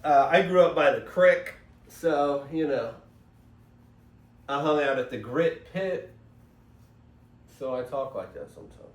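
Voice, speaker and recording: Slow-talking man in an echoey room. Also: fairly high pitch. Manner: rambling, digressive, self-interrupting. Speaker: host. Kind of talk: casual spiritual monologue. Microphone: phone. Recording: echoey room, voice from far off, faint hiss.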